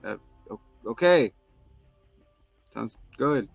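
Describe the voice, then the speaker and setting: Animated man recapping a show. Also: very slow, gravelly, no room sound, faint music behind. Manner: animated, acts out characters in bursts of high voices; laughs often, swears casually. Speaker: podcast co-host recapping a TV episode. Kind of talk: casual chat.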